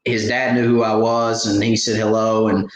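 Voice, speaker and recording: Folksy fishing host, roomy sound. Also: male voice, fairly low pitch, little pitch movement, moderate pace. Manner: rambling, folksy, lots of fillers and restarts. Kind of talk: casual live stream chat. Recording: echoey room with faint background noise.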